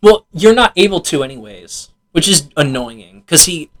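A young man chatting casually on a gaming podcast, his voice sitting a touch high. He laughs often, swears freely and acts out lines of game dialogue as he tells them. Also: very animated, normal speed, poor audio. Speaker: podcast co-host. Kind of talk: casual chat about video games.

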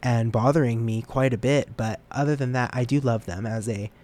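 A man's voice: medium pitch, steady tone, moderate pace, darkish tone. Young man, casual podcast host, rambling, self-deprecating, stumbles over words. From United States. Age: young adult. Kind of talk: casual solo podcast chat.

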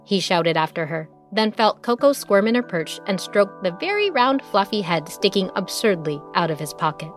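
A woman narrating a children's story in a lively, expressive way, with music behind her. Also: fairly low pitch, normal speed, hardly any pauses.

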